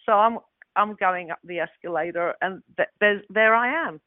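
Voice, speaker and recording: A woman in her sixties with a London Cockney accent, telling animated stories with laughs as a guest actress. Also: mid-range voice, moderate pace, dry recording. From London, England. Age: 60s. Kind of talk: casual anecdote. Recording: tinny phone-like audio.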